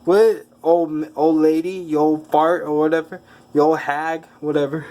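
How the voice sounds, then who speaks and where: A man plays a loudmouthed teenage boy fighter in a fan-told story. He shouts his rude insults in a voice pitched a little high. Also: little pitch movement, moderate pace, lightly acted. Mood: mocking.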